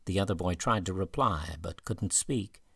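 Deep, husky male audiobook narrator. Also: moderate pace, fairly bright tone, no room sound. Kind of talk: scripted narration.

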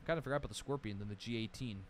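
A man's voice: on the low side, rapid-fire, a little hiss or hum. A man streaming a game, chatting casually as he reads through weapon lists, rambling and swearing now and then. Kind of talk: casual livestream commentary.

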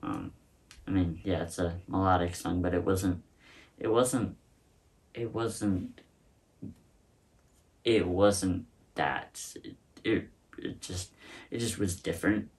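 Low gravelly man rambling casually. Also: slow, long pauses, a little mellow, recorded from a distance. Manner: rambling, hesitant, many fillers and restarts. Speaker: host reacting to a song. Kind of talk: casual reaction commentary. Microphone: phone.

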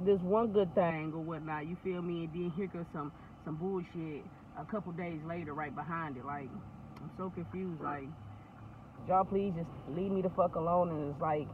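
A woman venting in casual, profane talk on a phone call, laughing often. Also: mid-range voice. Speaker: vlogger. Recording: tinny phone line, faint noise.

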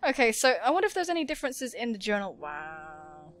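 A young woman commenting on a story game she is playing, excitable and gushing, often squealing and laughing. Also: a little high, fairly quick, faint music behind. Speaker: gaming YouTuber. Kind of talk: let's play commentary.

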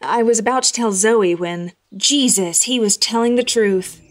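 A woman reading a first-person horror story in a measured, tense voice. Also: fairly high pitch. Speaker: narrator.

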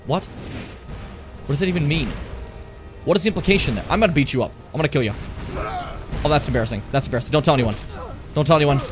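A man streaming a game, chatting loosely with viewers and his partner. His voice swings widely in pitch, bursting into loud yells at enemies, while faint music plays beneath him. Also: a little fast, long pauses. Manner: animated, swearing, jumps into shouting. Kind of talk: casual gameplay commentary.

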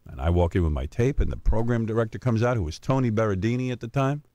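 Animated man telling a radio story. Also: on the low side, fast, dry recording, muffled recording. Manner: acts out other people's voices, with emphatic asides. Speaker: radio host.

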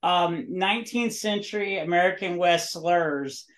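A man's voice: high voice, unhurried, fairly bright tone. Middle-aged man, rambling author storyteller. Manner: rambling storyteller, laughs mid-sentence. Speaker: guest author. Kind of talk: casual interview chat.

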